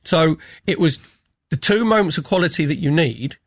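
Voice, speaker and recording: A man's voice: a little high, expressive, moderate pace, no room sound. A man talking football on a radio panel in a studio, chatty and enthusiastic as he breaks down plays. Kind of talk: animated football analysis.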